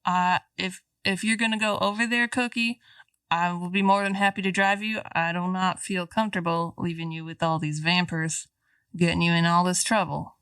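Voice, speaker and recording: Woman player, bright and firm, slightly off mic. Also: on the low side, fairly even intonation, normal speed, smooth, no room sound, far from the mic. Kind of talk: tabletop role-play.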